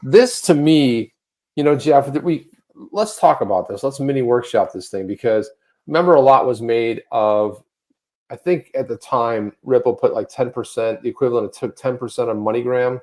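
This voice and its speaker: A man's voice: mid-range voice, moderate pace, darkish tone. A man co-hosting an online show, joking with his partner and reading news stories aloud. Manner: jokey, talks over his partner, reads stories aloud. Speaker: co-host of a crypto news show.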